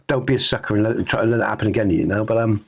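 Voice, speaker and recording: Middle-aged man, husky voice, reflective chat, rambling, earnest. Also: on the low side, steady tone, very fast. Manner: rambling, earnest, many fillers and restarts. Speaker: game streamer host. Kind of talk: reflective casual chat on stream.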